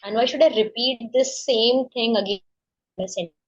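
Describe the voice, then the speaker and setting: Woman student, eager questioner, slightly high voice, muffled video-call sound. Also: moderate pace. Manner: eager, asks many questions. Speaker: English learner. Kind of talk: casual practice conversation.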